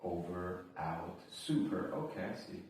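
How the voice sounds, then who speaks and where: A man's voice: sits low, expressive, unhurried, a little mellow, very echoey, recorded from a distance, slight background noise, low-quality recording. A man recording himself learning words, thinking aloud, repeating each word and breaking into playful sing-song bursts. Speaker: language learner. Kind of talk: casual self-recorded study session.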